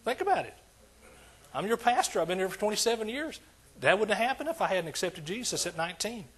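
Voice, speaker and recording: A man's voice: high voice, sing-song, fast talker, slightly rough. An older man preaching a sermon as pastor, emphatic and repetitive in his cadence.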